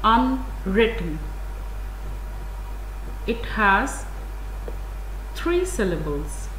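Woman teacher with a pakistani english accent, super slow and careful, echoey classroom with a faint hum. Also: medium pitch, animated, fairly bright tone. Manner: very slow and deliberate, stressing example words. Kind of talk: classroom lecture. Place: school classroom. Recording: echoey room, faint ambient noise.

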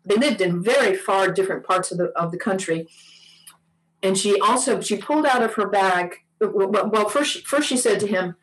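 A woman telling a story during a church service, speaking haltingly and repeating words as she goes. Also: mid-range voice, poor audio. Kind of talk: storytelling sermon.

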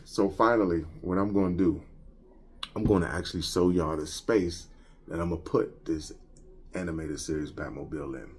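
A man chatting casually while showing off his toy collection at home, joking and slangy and quick to laugh. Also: low-pitched, steady tone, background noise. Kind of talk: casual unboxing chat. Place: home collection room with shelves.

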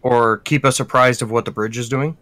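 A man's voice: mid-range voice, fairly even intonation, a little fast, a bit bright, dry recording. A man playing a tabletop role-playing game, chatting casually and often trailing off mid-thought. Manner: hesitant, trailing off. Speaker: player.

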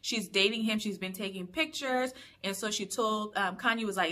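A woman's voice: mid-range voice, brisk, few pauses, bright, forceful tone. A young woman from Liberia chatting through a casual TV episode recap, full of opinionated asides. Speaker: YouTube reviewer.

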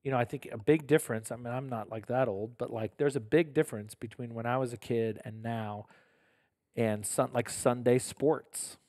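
A man's voice: medium pitch, steady tone, moderate pace, darkish tone, dry recording, clean studio sound. A man, a parish pastor hosting a casual podcast conversation, speaking earnestly with frequent restarts and self-corrections.

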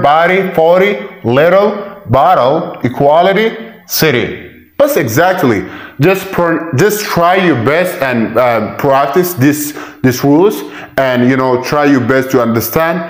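Slow, drilling male pronunciation teacher. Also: on the high side, echoey room. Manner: slow, repeating words for drill; asks "right?" to check understanding. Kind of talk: video lesson, mixing languages.

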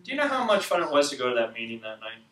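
A man hosting a ministry show, telling a story in an animated, excitable way and acting out the scenes. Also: mid-range voice, very fast. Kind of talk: storytelling teaching talk. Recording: echoey room, distant mic.

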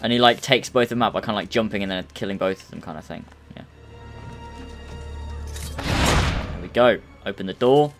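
Chatty young gamer, low voice. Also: male voice, moderate pace, long pauses, loud music behind the voice. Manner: chatty, excitable, rambling. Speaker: let's play gamer. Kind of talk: casual gameplay commentary.

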